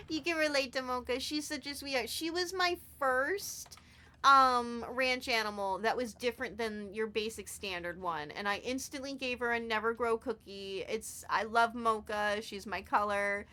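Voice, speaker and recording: A woman live-streaming a game, chatting casually with viewers and gushing with excitement over what she finds. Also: sits high, moderate pace, a little hiss or hum. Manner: excitable, gushing and squealing with delight; chatty, addresses viewers as sweethearts.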